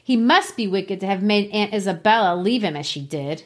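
A woman reading a spirited teenage girl who answers back quickly and defiantly. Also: medium pitch, lively intonation, natural voice. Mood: indignant.

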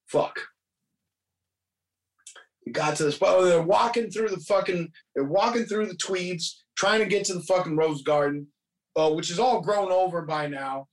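Man with a high voice, cursing through a story. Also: unhurried, distant mic. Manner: profane, rambling storytelling with quoted voices. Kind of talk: casual movie recap chat.

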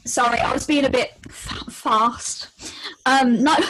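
A young woman with a high voice chats casually as a podcast co-host. She is blunt and giggly, swears without a second thought, and reads quiz options aloud in a loose, offhand way. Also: slow, a bit bright, a little hiss or hum, low-quality recording. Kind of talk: casual chat.

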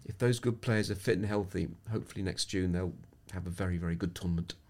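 A deep, slightly mellow voice talks fast in this podcast interview. It's a middle-aged sports psychologist from England who tells stories reflectively and anecdotally, frequently breaking off to restart his sentences.

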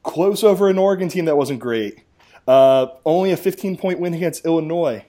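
A man's voice: fairly high pitch, a little fast, warm tone. A man hosting a casual sports podcast, wry and chatty as he rattles through scores and results. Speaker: podcast host.

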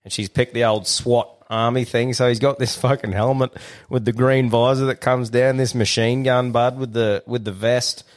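A man's voice: mid-range voice, fairly even intonation, moderate pace, few pauses. An Australian man, a young adult podcast co-host, rambling through a swear-filled anecdote in casual chat.

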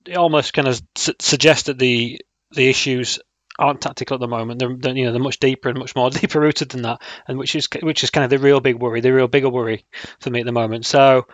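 A man's voice: mid-range voice, steady tone, fast talker, a bit bright, no room sound. A man co-hosting a casual football podcast, talking in a hesitant way with many fillers. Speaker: podcast co-host.

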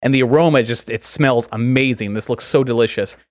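A man co-hosting a podcast who spins out a long joke, wandering through fillers and restarts at an ordinary pitch. His voice is close on a microphone and completely dry. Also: fairly quick, dry recording. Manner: rambling, filler-heavy storytelling. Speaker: podcast co-host. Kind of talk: casual podcast chat, telling a long joke.

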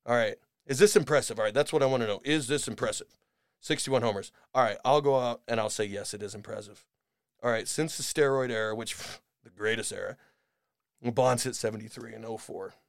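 A man's voice: medium pitch, fairly quick, creaky, dry recording. Guy ranting on his podcast, sarcastic and rambly, dead dry room sound. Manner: rambling, sarcastic, swings from muttering to shouting. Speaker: podcast host. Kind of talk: casual comedic rant.

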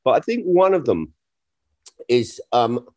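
Lively man telling stories. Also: medium pitch, measured pace. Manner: animated, frequent restarts, acts out quoted exchanges. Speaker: comedian guest. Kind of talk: casual chat, storytelling.

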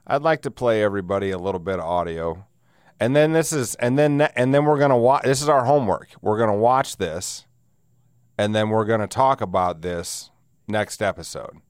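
A man's voice: fairly low pitch, animated, normal speed, smooth, dry recording, studio quality. A man hosting a casual solo podcast, rambling and sardonic with frequent laughs, wheezing through a sinus cold. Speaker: podcast host.

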